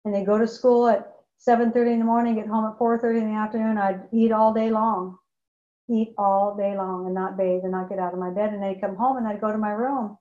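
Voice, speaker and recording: A woman's voice: mid-range voice, steady tone, brisk, dark tone. A woman giving an emotional, candid personal testimony about her recovery, often repeating phrases for emphasis. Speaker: speaker sharing her recovery story. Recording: echoey, dull lo-fi room recording.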